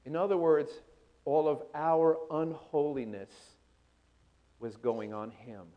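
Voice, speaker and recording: Male preacher, high-voiced, theatrical sermon delivery. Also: takes it slowly, narrow, tinny audio. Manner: dramatic, voicing scripture with swelling intensity.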